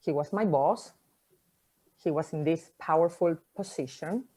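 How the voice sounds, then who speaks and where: A woman whose first language is not English, giving a personal talk, reflective and conversational, with pauses and soft endings. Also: sits low, breathy edge. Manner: conversational fillers like "like" and "you know".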